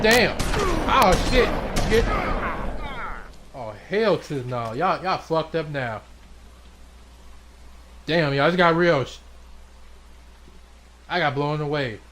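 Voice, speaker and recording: A young man streaming a game, yelling loud profane trash-talk at the screen. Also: a little high, animated, slow, long pauses, slight background noise. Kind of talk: live game-stream commentary. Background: game music.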